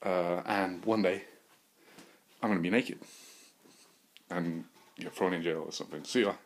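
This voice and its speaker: A man rambling through a crude, joking solo monologue as a podcast host, swinging into loud bursts of mock bravado. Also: sits low, measured pace.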